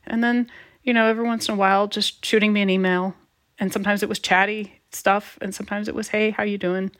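A woman guest telling a personal story in a reflective, heartfelt way, pausing and restarting as she thinks. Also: mid-range voice, level tone, fairly bright tone. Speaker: guest, advice columnist.

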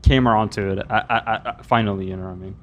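A man's voice: fairly low pitch, fairly even intonation, rapid-fire. A man co-hosting a casual podcast chat, laughing and rambling with many restarts. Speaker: podcast co-host.

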